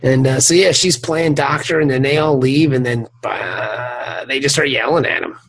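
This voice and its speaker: A man's voice: mid-range voice, moderate pace, slightly rough. A man co-hosting a podcast, chatting casually and crudely about a TV episode, laughing often. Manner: laughing, joking, crude humor. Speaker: podcast co-host.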